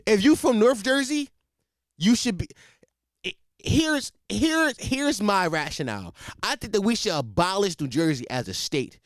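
A young man from Philadelphia with a Philly accent, ranting profanely for comedy, repeating himself and swinging between loud and low. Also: animated, a little slow, no room sound, studio quality. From Philadelphia, USA. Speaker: comedic ranter. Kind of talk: profane comedic rant to camera.

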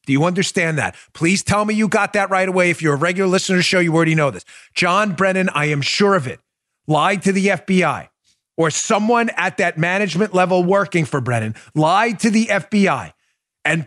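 A man hosting a political talk show, delivering an emphatic, animated monologue full of rhetorical questions. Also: fairly high pitch, no room sound, studio quality.

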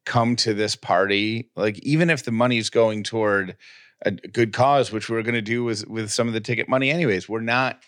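A man's voice: lowish voice, brisk, fairly bright tone, no room sound, clean studio sound. A man co-hosting a casual chat podcast, playful and rambling, often restarting his sentences. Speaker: podcast co-host.

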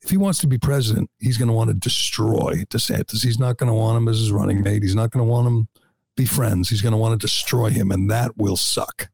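A man's voice: lowish voice, steady tone, brisk, vocal fry, a little mellow, breathy edge, no echo, clean studio sound. A male host talking casually and wryly, laughing often. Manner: chatty, wry, laughs often. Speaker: show host. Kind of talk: casual political talk.

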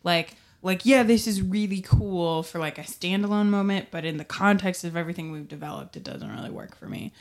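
A woman's voice: fairly low pitch, animated, brisk, few pauses. A young woman hosting a podcast into a microphone, chatting casually about a book, laughing often and mockingly voicing characters. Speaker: podcast host. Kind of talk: casual book discussion chat.

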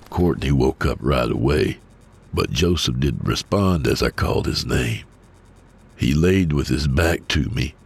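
Very deep husky male narrator. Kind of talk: first-person horror story narration. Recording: soft music under voice.

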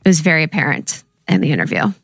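A woman's voice: sits low, very animated, quick pace, breathy edge, no echo, clean studio sound. A young woman co-hosting a podcast in casual chat, telling stories animatedly, acting out quotes and swearing freely. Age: young adult. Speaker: podcast co-host. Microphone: studio podcast mic.

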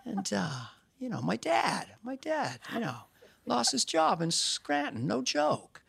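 A gentle, fatherly old politician who murmurs and rambles in a folksy half-whisper, as a man puts him on. The voice is pitched higher than usual, with a gravelly edge and a wide, wandering lilt. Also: sing-song, a little slow, exaggerated voice. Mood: folksy hush. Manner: hushed, breathy, rambling, folksy. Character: soft-spoken folksy older male politician. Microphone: video call.

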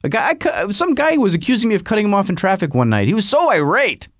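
Podcast host, man, slightly high voice, animated and rambling, casual monologue. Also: fast talker, no echo, studio quality. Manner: animated, rambling storyteller with self-interruptions.

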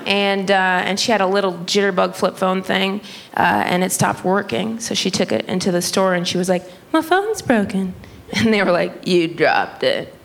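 A woman performing a stand-up comedy set on a club stage, telling stories in a chatty way with lots of "you know" and mimicking others in a higher voice. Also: little pitch movement, normal speed, gravelly. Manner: chatty storytelling, frequent "you know", mimics her mother in a high voice. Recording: live club recording, audience laughter and room noise.

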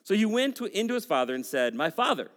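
A man's voice: high-pitched, very animated, quick pace, big-room sound. A man in his forties preaching a sermon, reading scripture with casual, joking asides. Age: 40s. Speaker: pastor.

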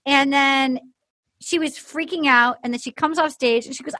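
A chatty, high-voiced woman co-hosting a podcast recaps a dating show in casual conversation. She's an animated storyteller who acts out quotes, speaking at a normal speed with no room sound.

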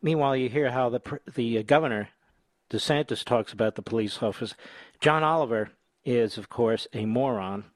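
A man hosting a talk radio show, sarcastic and combative, breaking into loud mocking insults. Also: medium pitch, normal speed, no echo.

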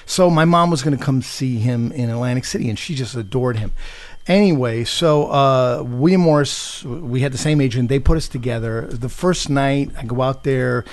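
Man, comedian guest, casual anecdotes, mid pitch, animated storytelling. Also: moderate pace. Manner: animated, acts out voices in anecdotes.

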